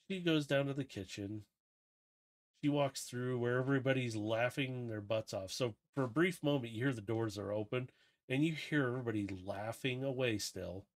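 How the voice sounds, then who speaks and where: Relaxed male game master narrating. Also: medium pitch. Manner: relaxed, descriptive, loose phrasing.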